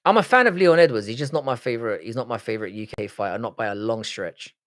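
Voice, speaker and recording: Here an Irish-accented young man from Cork runs a casual livestream, reading viewer comments and replying in blunt, sweary, rambling fashion. His mid-range voice is animated, quick and slightly bright.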